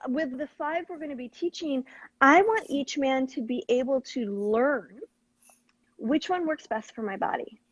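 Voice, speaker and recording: A woman's voice: sits high, normal speed, no echo, lo-fi sound. A woman host explaining techniques in an earnest, coaching tone. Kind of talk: conversational teaching.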